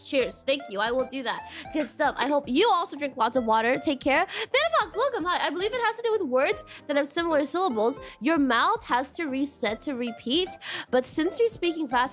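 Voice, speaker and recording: A woman's voice: high voice, a bit bright. A woman streamer chatting casually and reading viewer messages aloud, giggling often and playfully repeating stock phrases.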